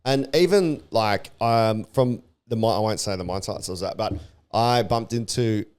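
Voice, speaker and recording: A man's voice: lowish voice, normal speed, a little mellow, smooth. A man co-hosting a podcast, talking bluntly in casual chat and swearing often as he rants. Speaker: podcast co-host.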